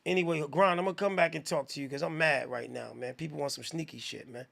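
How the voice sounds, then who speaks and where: A man hosting a live music review stream, talking in a slangy, profane, rambling way and giving shout-outs to viewers. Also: fairly high pitch, quick pace, vocal fry. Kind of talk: casual live-stream commentary.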